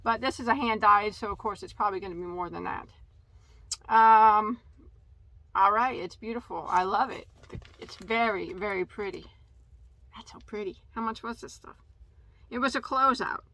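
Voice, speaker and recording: A woman's voice: mid-range voice, normal speed, long pauses, pushed and bright. A woman hosting a casual yarn haul video, chatty and tripping over yarn names. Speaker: crochet channel host.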